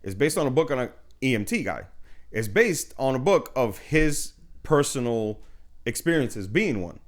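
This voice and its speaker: Talking at a moderate pace, this medium-pitched man swings his pitch widely. He's a New Yorker co-hosting a podcast, loosely picking apart a movie with lots of filler words and casual cursing.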